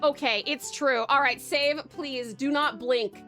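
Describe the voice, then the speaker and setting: A woman's voice: high voice, steady tone, measured pace, bright, forceful tone, faint music behind. A young Australian woman streaming live, chatting bubbly and giggly with her viewers and calling them babes. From Tasmania, Australia. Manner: bubbly and giggly, greets chat by name, calls them babes. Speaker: VTuber streamer.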